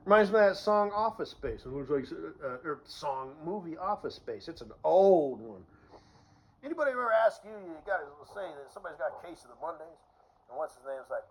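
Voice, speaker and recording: Profane ranting man, high voice. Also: lively intonation, fast talker, poor audio. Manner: profane, sarcastic, swings between mumbling and shouting. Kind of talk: casual ranting monologue.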